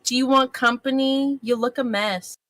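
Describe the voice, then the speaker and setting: A woman voicing her quiet, blunt woman adventurer in a tabletop game, speaking in a flat, curt, reluctant way. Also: high-pitched, moderate pace, no echo, pitched above the performer's own voice.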